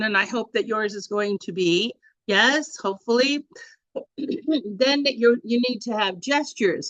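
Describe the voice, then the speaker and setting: A woman leads a storytelling workshop in a chatty, animated way, often stopping to restart a sentence. Her voice sits at an ordinary middle pitch. The sound is dry and a little dull, like audio from a video call. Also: no room sound. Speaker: workshop presenter.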